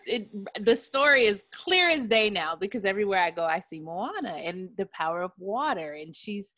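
Woman host, bright and slightly high, affirming and chatty. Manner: affirming, laughs along. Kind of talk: casual chat.

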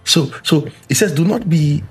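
A man's voice: fairly high pitch, moderate pace, slightly rough, soft background music. A man leading a casual Bible discussion who asks questions, quotes verses and stammers over repeated words. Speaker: Bible study co-host.

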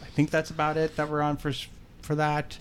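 Halting relaxed man hosting a podcast. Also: a little high, clean tone. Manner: relaxed, halting, filler-heavy wrap-up. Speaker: podcast host and DM. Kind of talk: casual podcast chat.

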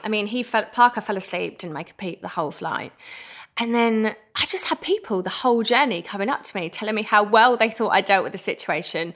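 A British woman in her thirties, a podcast guest chatting and telling stories in an animated way, full of "like". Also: a little high. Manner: chatty and animated, heavy use of "like". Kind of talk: casual storytelling chat.

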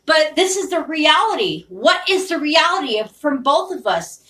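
A woman's voice: sits high, big pitch swings, moderate pace, bright, forceful tone, far from the mic, rough recording. Profane, intense woman, off-mic. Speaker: podcaster. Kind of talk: rambling monologue.

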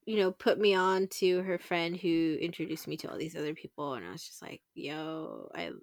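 A woman's voice: on the low side, fairly quick, dry recording, studio quality. A woman co-hosting a casual podcast chat, with slangy talk and frequent laughter. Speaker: podcast co-host.

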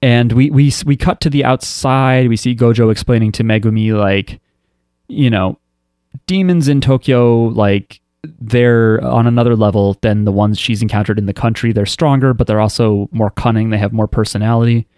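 A man's voice: medium pitch, normal speed, mellow, clean tone, dry recording. A man talks through an episode recap in a loose, wry way, stopping and restarting his sentences as he goes. His voice sits in an ordinary middle register. The sound is dry and close, with no room around it. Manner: rambling, filler-heavy storytelling with frequent restarts. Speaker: podcast host recapping an anime episode. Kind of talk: casual chat.

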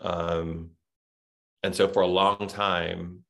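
A man's voice: sits low, level tone, takes it slowly, vocal fry, fairly bright tone. A middle-aged man from Texas with a Southern accent, talking as a podcast guest in a reflective, rambling way with many restarts. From Texas, USA. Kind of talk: casual interview chat.

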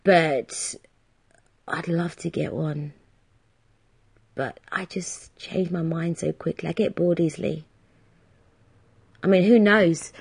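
A woman's voice: on the low side, takes it slowly, vocal fry, pauses often, breathy edge. A woman hosting a solo podcast, chatting in a rambling, self-deprecating way. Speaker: podcast host. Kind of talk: casual solo podcast chat.

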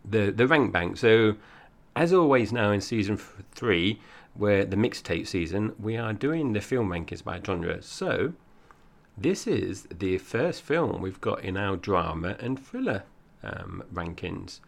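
A man's voice: on the low side, lively intonation, unhurried, vocal fry. A man in his forties from Essex, with a slight Cockney accent, co-hosting a film podcast in rambling casual chat. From Essex, England. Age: 40s. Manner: chatty, rambling, laughs often. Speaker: podcast co-host.

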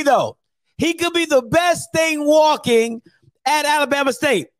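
A man hosting a sports talk show rants casually, using slang and repeating phrases for emphasis. His voice is very high-pitched and unhurried.

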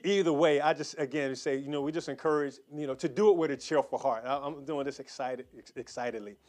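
A man preaching, praying fervently over his listeners and appealing for an offering, with many repeats and quick restarts. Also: medium pitch, darkish tone. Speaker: pastor.

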